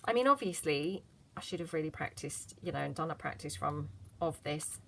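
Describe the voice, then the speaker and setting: A woman's voice: low voice, expressive, normal speed, gravelly, husky. Chatty self-deprecating craft woman. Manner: chatty, self-deprecating, mutters while working. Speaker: craft tutorial host. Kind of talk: casual craft tutorial narration.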